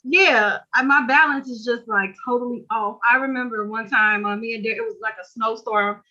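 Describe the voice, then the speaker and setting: A woman's voice: fairly high pitch, steady tone, brisk, pushed and bright. A woman in a casual group chat on a video call, chatty and laughing through her stories, heard over dull lo-fi audio.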